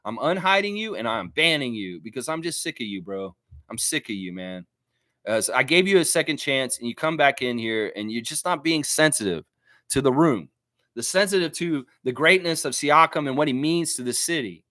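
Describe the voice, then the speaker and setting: A man hosting a sports fan livestream, ranting in a heated, animated way. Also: mid-range voice, normal speed, no echo, clean studio sound. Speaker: sports fan show host. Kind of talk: casual livestream rant.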